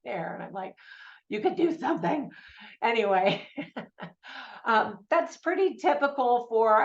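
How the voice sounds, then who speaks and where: An American woman talks through a movie review in a relaxed, conversational way, wandering into little asides as she goes. Her voice sits at an ordinary middle pitch. The recording sounds a bit dull and lo-fi. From United States. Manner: chatty and conversational, with frequent fillers and asides. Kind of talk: casual spoken movie review.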